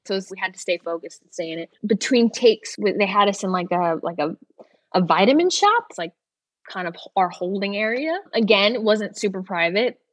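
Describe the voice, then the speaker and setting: A woman's voice: medium pitch, animated, brisk, no room sound. Chatty young woman, dry close sound. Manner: chatty, lots of "like" fillers and restarts, laughs easily. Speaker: actor guest. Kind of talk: casual talk-show interview.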